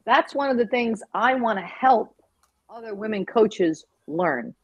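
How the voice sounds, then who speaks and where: A woman hockey coach speaking as a guest, outspoken and energetic. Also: on the high side, normal speed, slightly rough, no room sound. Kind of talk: casual interview talk.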